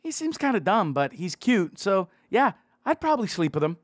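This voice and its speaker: A man doing a gossipy young woman, pitched well up and teasing in a casual, offhand way. Her words come lightly, with a lift at the end of each phrase. The sound is dry and close. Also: big pitch swings, moderate pace, no room sound.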